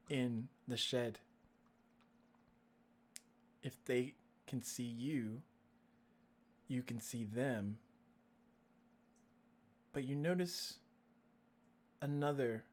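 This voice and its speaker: A man narrating a tabletop role-playing game as dungeon master, in a casual way with lots of laughter. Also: medium pitch. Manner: casual, laughs often, says "like" a lot.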